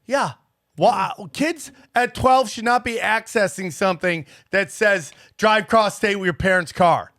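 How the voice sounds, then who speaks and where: Casting note: male co-host, high-pitched voice, dry close mic, crude wisecracks. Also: measured pace, sharp tone, dry recording. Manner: crude joking quips. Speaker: podcast co-host. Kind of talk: casual chat.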